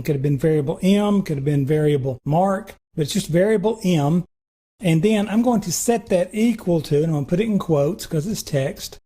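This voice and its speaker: A man instructor narrating a screen-recorded programming tutorial, talking through each step in a relaxed, reassuring way. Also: high voice, slightly rough.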